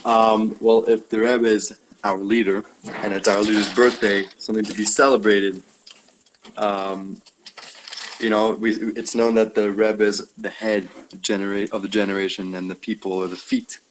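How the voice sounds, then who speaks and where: A man's voice: lowish voice, flat delivery, moderate pace. A man talking casually on a group video call, rambling with lots of fillers and restarts. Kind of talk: casual off-the-cuff sharing. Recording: noisy video call audio.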